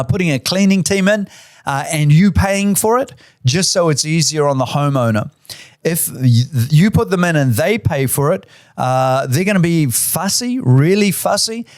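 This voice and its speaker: A man's voice: a little high, no echo, clean studio sound. A middle-aged man, a real estate boss giving tips in a chatty, enthusiastic way full of fillers. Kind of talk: casual instructional talk.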